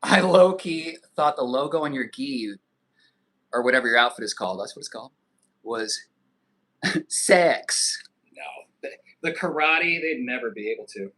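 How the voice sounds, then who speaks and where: Reading viewers' comments aloud on a casual live stream, a man in his thirties speaks in a mid-range voice that's expressive, pushed, and bright. He jokes loosely and profanely, with frequent swearing and quick asides.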